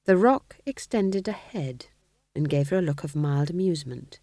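A woman reads a story aloud in a low voice with a lively, wide-ranging pitch. She takes her time over every phrase, measured and expressive. The recording is dry and close. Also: no room sound. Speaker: audiobook narrator. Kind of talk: storybook narration.

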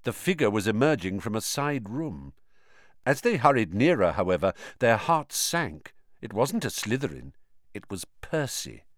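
Animated, low-voiced male audiobook narrator. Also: moderate pace, dry recording, clean studio sound. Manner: expressive, animated reading. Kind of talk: scripted narration.

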